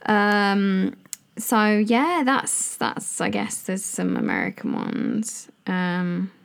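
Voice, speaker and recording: A woman's voice: mid-range voice, sing-song, drawn-out words, gravelly. A young woman with a British English accent, chatting playfully and casually in a podcast conversation, often trying out phrases. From Britain.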